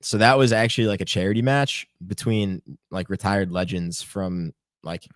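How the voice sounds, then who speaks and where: Low-voiced young man, rambling podcast banter. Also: fairly even intonation, moderate pace, no room sound, studio quality. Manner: rambling, filler-heavy, profane banter. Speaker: podcast co-host. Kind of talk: casual sports podcast chat.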